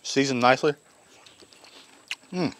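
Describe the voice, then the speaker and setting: Over a sizzling griddle and slight background noise, a male cooking channel host chats in a casual vlog. He has a mid-range, fairly bright voice, talks a little slowly, and sounds folksy and enthusiastic, using Southern phrasing.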